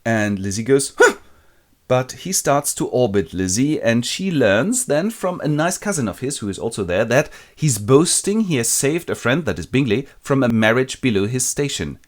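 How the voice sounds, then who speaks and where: Man narrating with a lively, swinging voice. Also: mid-range voice, moderate pace, few pauses. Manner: irreverent, casual, lively. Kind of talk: comic literature summary.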